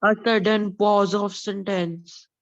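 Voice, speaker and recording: A woman's voice: mid-range voice, fairly even intonation, slow, muffled recording. Woman student giving short answers. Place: classroom.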